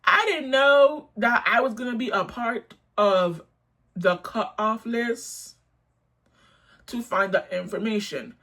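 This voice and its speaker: A woman's voice: on the high side, slow pace, bright, forceful tone. Blunt, profane young woman. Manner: blunt, profane, indignant storytelling. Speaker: storytime vlogger. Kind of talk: storytime vlog.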